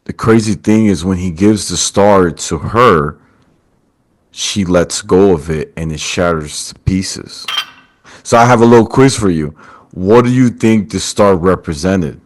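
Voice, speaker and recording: A man's voice: low-pitched, unhurried. A man hosting a podcast, telling a story in casual chat and acting out the quoted lines. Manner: animated storyteller, acts out quotes. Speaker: podcast host.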